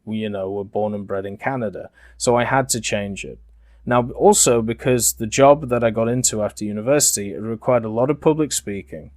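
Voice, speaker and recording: A young Englishman from Yorkshire with a neutralized, softened Yorkshire accent, talking slowly and deliberately with many fillers as a gaming commentator. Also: lowish voice, no room sound, studio quality. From Yorkshire, England. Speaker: gaming YouTuber. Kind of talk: commentary over game footage.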